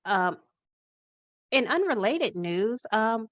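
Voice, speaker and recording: A woman's voice: a little high, very animated, slow pace, a bit bright, no echo. A woman co-hosting a podcast, speaking hesitantly with fillers and dry quips. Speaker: podcast co-host. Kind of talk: casual podcast banter.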